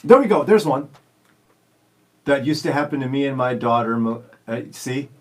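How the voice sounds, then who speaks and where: A man's voice: medium pitch, expressive, normal speed, far from the mic, rough recording. A man in his forties hosting a radio show, telling stories in a jokey, self-teasing way. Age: 40s. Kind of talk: casual studio chat. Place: radio studio.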